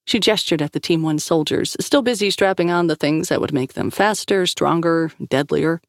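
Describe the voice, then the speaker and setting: A woman's voice: deep voice, moderate pace, hardly any pauses, dry recording. Woman narrating a story in a dry close studio. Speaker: audiobook narrator. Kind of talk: scripted narration.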